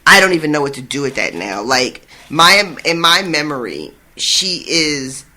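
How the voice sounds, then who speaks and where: Podcast host recapping a book, bright sharp voice, cusses a lot, pretty worked up. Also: mid-range voice. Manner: excited, swears freely, fast recaps. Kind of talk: casual chat recapping a book.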